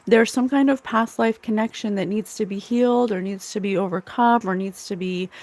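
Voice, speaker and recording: A woman's voice: medium pitch, normal speed, a little mellow. A woman hosting a livestream as a psychic medium, channeling spirits in an emotional, earnest way and laughing often.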